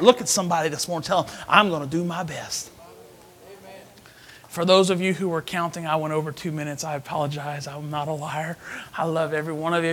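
A man preaching a sermon as associate pastor, swinging between hushed whispers and loud emphatic calls. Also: on the high side, slight background noise. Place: church sanctuary.

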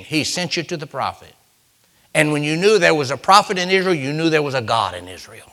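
Lively, bright-voiced preacher man. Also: fairly high pitch. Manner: swings from loud preaching to hushed near-whispers, reads scripture in King James English. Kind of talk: sermon.

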